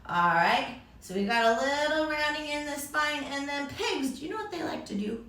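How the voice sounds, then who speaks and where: A woman's voice: high voice, lively intonation, moderate pace, fairly bright tone. A young woman leading a children's yoga lesson, upbeat and encouraging, making animal sounds along with the poses. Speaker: kids yoga teacher. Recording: echoey room, distant mic.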